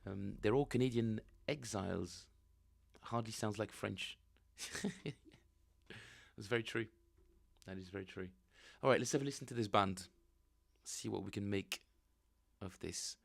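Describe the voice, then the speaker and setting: A man's voice: lowish voice, unhurried, creaky, pauses often. A man casually chatting with viewers on a live stream, rambling and joking as he reads chat aloud. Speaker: bass player streaming practice.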